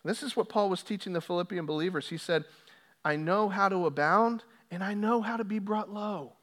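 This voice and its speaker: High-voiced man preaching a sermon. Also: brisk, a bit bright. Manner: preaching with rising intensity on quoted scripture. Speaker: pastor. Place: church sanctuary.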